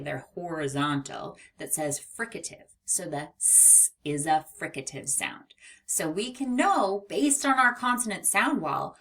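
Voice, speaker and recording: Slow, lively woman teaching phonics. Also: fairly low pitch. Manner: slow, exaggerated sounding-out of letters. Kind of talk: children's phonics lesson.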